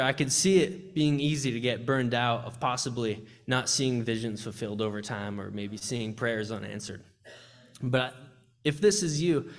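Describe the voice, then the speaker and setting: Earnest young man giving a church testimony. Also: mid-range voice. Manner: earnest, heartfelt, with restarts. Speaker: campus ministry speaker. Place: church service.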